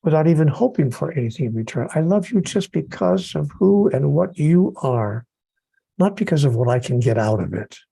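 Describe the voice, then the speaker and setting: A man's voice: fairly high pitch, animated, moderate pace, creaky, warm tone, husky, dry recording, rough recording. A man who is an author and podcast guest, speaking earnestly about spirituality and building his points through repetition.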